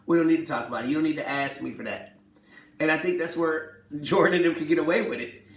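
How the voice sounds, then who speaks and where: A man hosting a casual sports talk show, animated and slangy, laughing often and acting out what players said. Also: a little high, far from the mic. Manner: animated, slangy, quick to laugh, acts out quotes. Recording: echoey room, voice set back from the mic.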